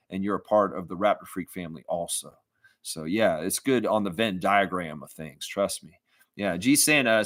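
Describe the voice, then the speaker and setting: A man's voice: on the low side, a bit bright, dry recording. A middle-aged man from the southern United States hosting a sports fan livestream, reading out viewer comments in rambling casual chat full of fillers and flaring into profane rants.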